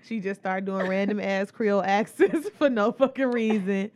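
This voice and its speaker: A woman's voice: mid-range voice, fairly even intonation, normal speed, darkish tone. Teasing, profane woman podcast host. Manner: teasing, profane, laughs often. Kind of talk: casual chat.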